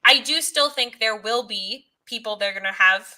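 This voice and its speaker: Bright-voiced, earnest woman guest. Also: on the high side, moderate pace. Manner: fluent, earnest and persuasive. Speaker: guest, pro-life advocate. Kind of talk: casual conversational interview.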